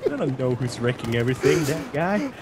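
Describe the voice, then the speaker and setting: A man's voice: medium pitch, a little fast, crowd noise. A man from Sweden with a Swedish accent, chatting casually and joking while playing a shooter with a friend. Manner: joking, laughs often, excitable. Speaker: gaming YouTuber. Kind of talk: casual gameplay chat. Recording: gunfire and game noise behind.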